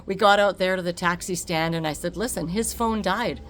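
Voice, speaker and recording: Expressive woman telling a story. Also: lowish voice, normal speed, a little hiss or hum. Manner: emotional, laughs often, expressive quoting. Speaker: vlogger. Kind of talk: personal storytelling.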